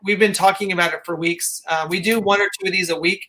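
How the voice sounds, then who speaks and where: A man's voice: high voice, fairly even intonation, fast talker, pushed and bright, low-quality recording. A man hosting a live panel interview over a video call, asking rambling, enthusiastic questions. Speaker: host.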